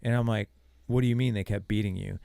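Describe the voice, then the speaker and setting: Middle-aged guy guest on a podcast, gravelly low voice, dry close sound, acts out all the quotes. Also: fast, dry recording. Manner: animated, acts out quoted dialogue. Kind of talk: casual storytelling.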